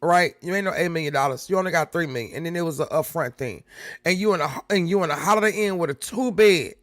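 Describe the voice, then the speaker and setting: A woman hosting a live reaction stream, talking casually and breaking into loud, excited exclamations. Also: lowish voice, fast talker, faint music behind.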